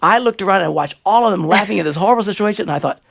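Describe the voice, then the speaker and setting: A man hosting a radio talk show, telling animated stories in a casual chat. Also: rapid-fire, gravelly. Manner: animated storyteller, jumps into high excited voices. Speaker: radio host.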